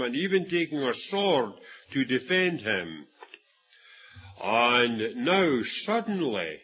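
A man's voice: mid-range voice, sing-song, slow, husky, phone-quality sound. A Scottish man preaching a sermon, telling a Bible story and acting out the quoted voices, with frequent restarts. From Scotland.

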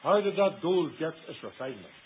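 High-voiced man preaching over a tinny line. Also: sing-song, a little fast, a little hiss or hum. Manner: dramatic swings between loud emphatic lines and low quiet asides. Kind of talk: sermon. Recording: tinny phone-like old sermon recording.

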